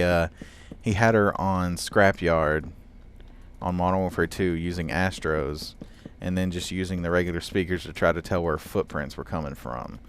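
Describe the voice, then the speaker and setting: A man's voice: deep voice, slight background noise. A young man talking casually over his gameplay recording, rambling with many fillers and short laughs. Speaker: gaming YouTuber.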